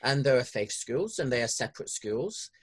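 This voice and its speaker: A man with a northern English accent hosting an interview podcast, talking in a hesitant way with many pauses and restarts. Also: mid-range voice, very animated, husky. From northern England. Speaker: podcast host. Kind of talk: conversational interview.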